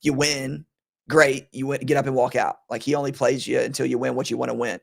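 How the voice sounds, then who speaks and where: A man's voice: medium pitch, little pitch movement, fairly quick, creaky. A man hosting a sports betting podcast in casual chat, rambling and laughing often, his voice strained today.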